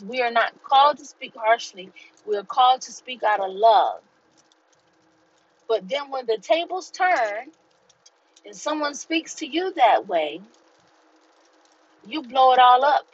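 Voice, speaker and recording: A woman hosting a podcast, giving an inspirational faith talk in a slow, deliberate, preaching way. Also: high voice, lively intonation, highs cut off. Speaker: podcast host.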